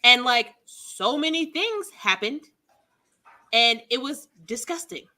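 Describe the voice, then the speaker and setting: A woman's voice: on the high side, lively intonation, takes it slowly, bright, forceful tone. A woman co-hosting a casual podcast, ranting dramatically and animatedly. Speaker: podcast co-host. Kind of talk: casual chat.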